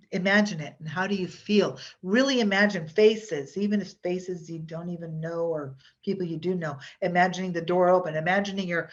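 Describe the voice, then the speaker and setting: A woman with a fairly low voice teaches a hypnosis workshop in a loose, chatty way. She rambles and restarts often, filling gaps with ums. The sound is dull and lo-fi, like audio from an online call.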